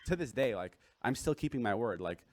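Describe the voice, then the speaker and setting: A man on a podcast, speaking defensively with frequent halting restarts. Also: mid-range voice, lively intonation, dry recording, studio quality. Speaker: podcast host. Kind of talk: casual podcast talk.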